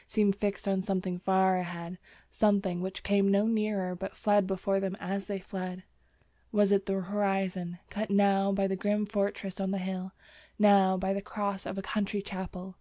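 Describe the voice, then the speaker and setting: A woman narrating a classic story as an audiobook, in steady, even storytelling. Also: medium pitch, no echo. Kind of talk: scripted narration.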